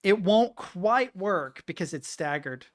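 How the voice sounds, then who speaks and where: A woman streaming live and chatting casually to her viewers. She swears freely and mutters to herself, then bursts out loud. Her voice sits a little low. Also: slow. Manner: swearing, excitable, muttering between outbursts.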